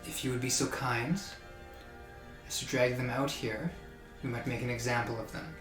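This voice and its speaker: A man voicing a haughty young male noble who speaks with polite, measured condescension. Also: mid-range voice, steady tone, reverberant, over music, lightly acted. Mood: cool, condescending.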